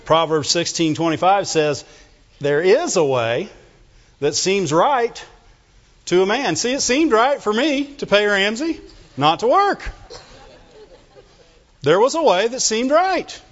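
Lively preacher man in a reverberant church. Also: sits high, slow, pauses often. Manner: animated and joking, asks the congregation for amens. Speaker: pastor. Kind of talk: sermon. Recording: dull sound with long hall reverb.

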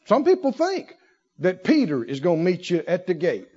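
High, lively male preacher. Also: normal speed. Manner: animated, laughing, rhetorical questions. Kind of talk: sermon. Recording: dull lo-fi recording.

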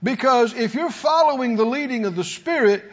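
A man preaching a sermon to a congregation in a call-and-response style, sometimes rising to shouts. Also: very high voice, expressive, normal speed, lo-fi sound. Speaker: pastor.

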